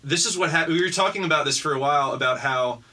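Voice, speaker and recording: A man's voice: on the high side, quick pace, sharp tone. A man from Baltimore, a podcast guest, talking casually, laughing often and acting out quoted lines. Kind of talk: casual chat.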